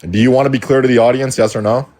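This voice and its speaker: A man's voice: mid-range voice, steady tone, racing, darkish tone, dry recording. A man in a heated live online debate, taunting and insulting his opponent.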